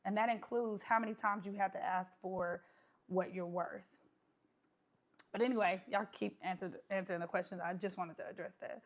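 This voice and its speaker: A woman's voice: mid-range voice, steady tone, normal speed. A woman hosting a casual live chat, outspoken and conversational. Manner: outspoken, conversational with filler words. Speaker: host of a live stream.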